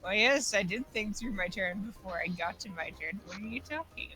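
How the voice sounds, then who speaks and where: A man playing in a tabletop game, hesitant and distracted, often trailing off in quiet mumbles. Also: high-pitched, lively intonation, normal speed, faint music behind. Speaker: player. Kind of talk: casual talk at a game table.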